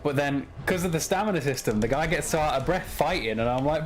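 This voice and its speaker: A man's voice: on the high side, animated, quick pace, hardly any pauses. A man chatting casually with viewers while streaming a game, swearing freely and grumbling at the controls. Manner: swears a lot, chatty and frustrated at games. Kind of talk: casual gaming stream chat.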